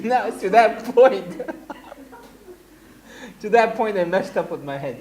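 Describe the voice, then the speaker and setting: Animated man telling classroom stories. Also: high-pitched, a little slow. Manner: anecdotal, animated, laughing asides. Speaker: religious teacher. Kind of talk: casual classroom lecture.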